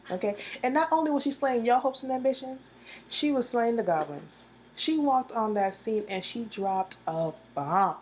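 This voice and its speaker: Woman, mid-range pitch, casual reaction vlog, animated storytelling, frequent laughter, slangy. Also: normal speed, a little hiss or hum. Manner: animated storytelling, acting out quotes, laughing often; slangy, repeats phrases for emphasis. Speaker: drama reviewer.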